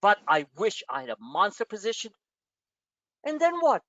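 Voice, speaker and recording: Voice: medium pitch, normal speed, no echo. A loose, rambling host leads a live trading webinar, peppering the talk with fillers and putting questions straight to the listeners. The audio is dry and dull, like a lo-fi online call. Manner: rambling and animated, heavy with "like" and "you know"; addresses listeners directly with questions. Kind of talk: casual live webinar teaching.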